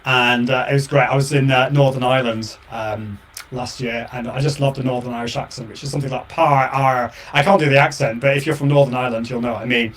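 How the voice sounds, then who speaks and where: A man hosts his own live show and podcast, chatting casually and enthusiastically to his viewers on his own, with frequent repeats and fillers. His mid-range voice is fast, a bit bright, and fairly even in intonation.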